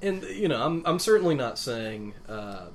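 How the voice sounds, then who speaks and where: A man in casual conversation about a book, chatty and quick to laugh. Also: medium pitch, sing-song. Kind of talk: casual chat about books. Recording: faint background noise.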